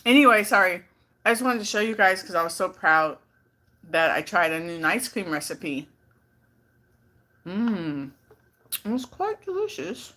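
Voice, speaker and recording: A woman's voice: lowish voice, unhurried, long pauses, pushed and bright. A woman from California chatting casually on a live stream, playful and talkative, reading out viewer comments. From California, Bay Area. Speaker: vlogger on a livestream.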